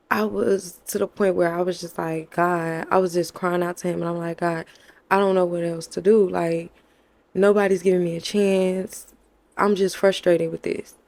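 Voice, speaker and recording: A young woman who vlogs about faith candidly tells her viewers a personal story, calling them "y'all" and acting out what people said to her. Her voice is fairly low and a little mellow, with vocal fry.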